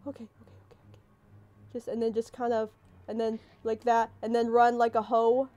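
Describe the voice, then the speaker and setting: A young woman playing a horror game, panicking, swearing and yelping as something chases her, then talking herself calm. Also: on the high side, fairly quick. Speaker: gaming streamer. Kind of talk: let's play commentary. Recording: faint game music behind.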